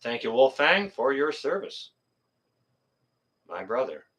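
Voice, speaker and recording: Amid heavy background noise, a middle-aged man from Canada speaks slowly in a sing-song, mid-range voice as he hosts a casual livestream. He reads viewer comments, rambling and joking, laughing at chat and swearing mildly.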